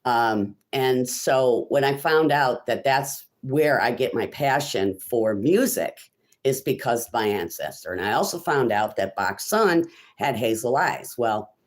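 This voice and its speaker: Rambling woman chatting on a live stream. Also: extremely low pitch. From Illinois, USA. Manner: rambling and chatty, full of ums, answers viewers' comments. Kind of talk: casual live-stream chat.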